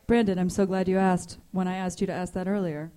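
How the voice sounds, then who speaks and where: A woman co-hosting a live comedy talk show on stage, telling stories in a joking, deadpan way. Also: lowish voice, a little fast, clear, resonant tone. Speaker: comedy co-host. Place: ballroom stage before a live audience.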